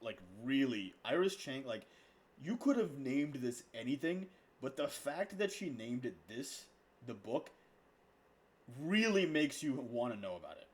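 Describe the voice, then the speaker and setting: A man's voice: medium pitch, big pitch swings. A young man streaming his reaction to a video, talking casually in slang with emphatic repetitions. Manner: slangy, repeats himself, drawn-out emphatic asides.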